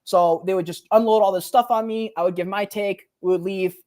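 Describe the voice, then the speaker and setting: A man in his twenties, co-hosting a podcast, telling a personal story in a casual, animated way, full of slang like "bro" and "like.". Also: high-pitched, fairly quick. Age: 20s. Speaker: podcast co-host.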